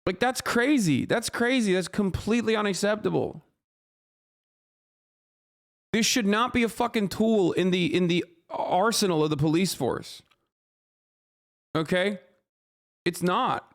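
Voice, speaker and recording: Heated, profane male streamer, high-pitched. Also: normal speed. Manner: heated, profane, repeats words and "okay?". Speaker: streamer reacting to news. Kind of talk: livestream reaction commentary.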